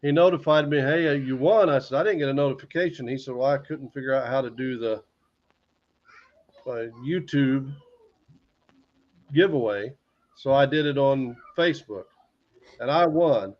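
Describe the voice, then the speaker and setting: An American man chats through a casual livestream, rambling easily from topic to topic. His voice sits in a middle pitch. The sound is dull and lo-fi. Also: moderate pace, long pauses. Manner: easygoing, rambling, retells conversations. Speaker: livestream host. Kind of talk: casual live-stream chat.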